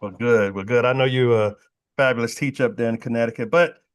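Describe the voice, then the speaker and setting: A man hosting a podcast interview, lively and quick to laugh, often repeating words as he asks questions. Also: medium pitch. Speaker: podcast host. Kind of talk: casual interview talk.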